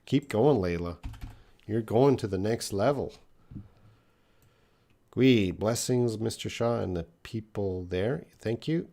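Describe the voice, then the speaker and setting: A man with a slightly low voice hosts a live English lesson, reading viewers' questions aloud one by one. He answers plainly and thinks out loud, hedging with fillers as he goes. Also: animated, slow, vocal fry, long pauses. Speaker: English teacher.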